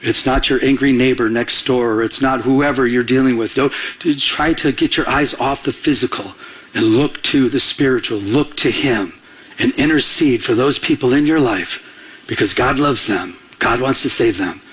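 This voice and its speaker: A man preaching a sermon as a pastor, telling a personal story with animated energy and laughing at himself. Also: medium pitch, moderate pace, breathy edge.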